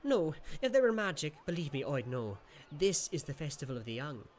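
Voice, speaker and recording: A man voicing a tiny, cheeky male winged sprite that chirps its lines in a high, impatient sing-song. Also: big pitch swings, brisk, a little hiss or hum. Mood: chirpy.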